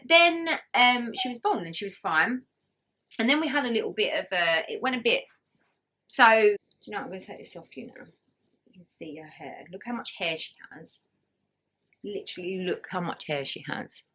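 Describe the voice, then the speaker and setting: A woman's voice: lowish voice, animated, fairly quick, sharp tone, a little hiss or hum. A woman vlogger chatting casually through her birth story, laughing often and acting out what others said. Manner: chatty, laughing, acts out quoted voices.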